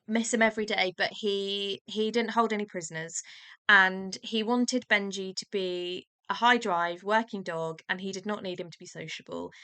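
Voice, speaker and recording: A woman's voice: medium pitch, sharp tone, clear, resonant tone. A woman hosting a podcast, chatting casually and telling jokey stories, acting out her dog's replies. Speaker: podcast host.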